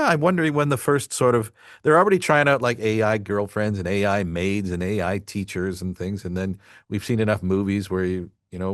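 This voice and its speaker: A man's voice: sits low, no room sound, clean studio sound. A man hosting a podcast, rambling in casual chat with many asides. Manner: rambling, full of fillers and asides. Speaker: podcast host.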